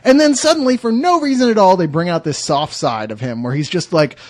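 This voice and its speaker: Podcast co-host, man, high and very lively voice, sarcastic movie-review banter. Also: fairly quick. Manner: animated, sarcastic, builds up jokes step by step.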